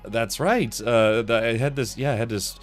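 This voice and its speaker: A tired man hosts a casual live stream, his voice sitting at an ordinary middle pitch as he rambles from one story to the next. He drops in mouth sound effects as he talks, and faint music runs softly behind him. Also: moderate pace.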